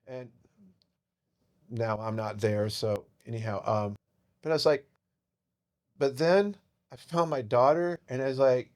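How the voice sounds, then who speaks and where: A man guest on a podcast, telling an emotional personal story, who swings from loud and animated to hushed and tearful and swears casually. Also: mid-range voice, unhurried, pauses often. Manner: swears casually, calls listeners dude.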